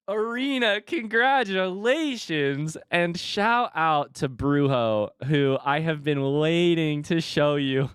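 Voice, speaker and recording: Excitable male streamer, smooth dry voice. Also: on the high side, no room sound. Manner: excitable, swings from hushed to shouting. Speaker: streamer host. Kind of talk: casual live stream chat.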